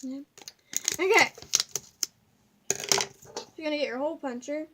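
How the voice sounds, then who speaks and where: A woman's voice: high voice, measured pace, heavy background noise. A young woman at home giving a rambling, giggly craft tutorial that keeps drifting off topic. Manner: rambling, giggly, easily sidetracked. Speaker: craft video maker.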